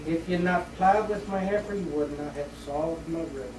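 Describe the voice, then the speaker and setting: A man's voice: a little high, moderate pace, crowd noise. Man reading scripture aloud in class. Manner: plain, steady reading aloud. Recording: echoey room, distant mic, background noise.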